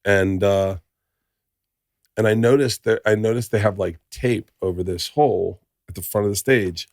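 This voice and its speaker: Low-voiced man telling a lively story. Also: normal speed, no room sound, studio quality. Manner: animated storyteller, acts out voices. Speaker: podcast co-host. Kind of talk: casual storytelling chat.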